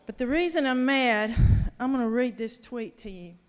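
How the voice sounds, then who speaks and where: A woman's voice: on the high side, lively intonation, normal speed, clear, resonant tone. A woman state senator, giving an impassioned, indignant floor speech. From American South. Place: large legislative chamber. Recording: reverberant chamber.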